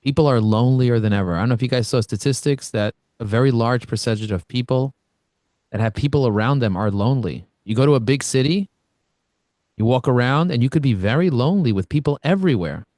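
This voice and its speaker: A man from Brooklyn, New York, coaching an online group on a video call with blunt, energetic, conversational talk. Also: medium pitch, a little fast, no room sound, clean studio sound. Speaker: networking coach, host.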